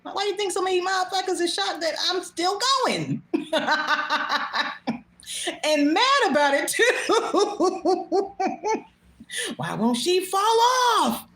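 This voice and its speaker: A woman's voice: very high-pitched, animated, slow pace, pauses often, fairly bright tone. A woman hosting her own show, talking bluntly and casually, swearing freely and laughing often. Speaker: host. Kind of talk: casual monologue. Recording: echoey room.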